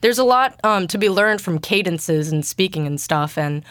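A young woman talks casually as an interview guest, her voice deep for her age and a bit stuffy from allergies. The tone is smooth and clear, recorded close and dry with no room sound. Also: lively intonation, moderate pace, fairly bright tone, dry recording. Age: young adult. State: congested from allergies. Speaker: guest voice actor.

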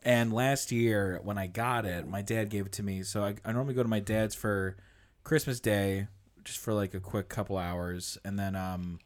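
A man's voice: on the low side, fairly even intonation, normal speed. A man co-hosting a casual podcast, telling rambling stories full of swearing and laughter. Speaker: podcast co-host.

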